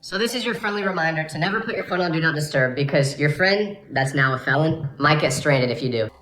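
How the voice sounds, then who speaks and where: A man telling funny first-person stories with an animated, exasperated comic delivery. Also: a little high, fast. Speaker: storyteller. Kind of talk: comedic first-person storytelling.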